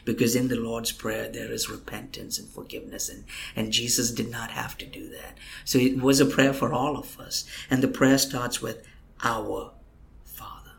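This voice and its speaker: A man's voice: medium pitch, level tone, normal speed, creaky, few pauses, a little hiss or hum. A man, a guest minister, telling an emotional testimony in a podcast interview, earnest and at times dropping to a whisper. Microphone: computer microphone.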